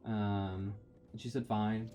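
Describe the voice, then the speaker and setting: Low, mellow-voiced man narrating gameplay. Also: level tone, slow pace. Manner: rambling, self-deprecating, many fillers. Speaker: gamer. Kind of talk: let's play commentary. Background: faint game music.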